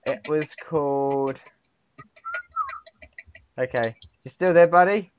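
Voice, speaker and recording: A man's voice: a little high, slow, slight background noise. A man chatting casually with a friend on a call, giggling and breaking into helpless laughter. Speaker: host. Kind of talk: casual chat over a call. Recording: dull lo-fi recording.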